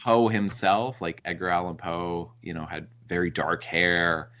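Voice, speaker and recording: A man's voice: sits low, flat delivery, measured pace, fairly bright tone. A man co-hosting a casual book discussion, thinking aloud with many "like" and "you know" fillers. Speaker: podcast co-host.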